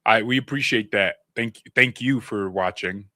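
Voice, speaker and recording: Slangy laid-back guy, bright voice. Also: fairly low pitch, moderate pace, no room sound. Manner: joking, laughs often, slangy. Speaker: co-host of a live stream. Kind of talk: casual live-stream news chat.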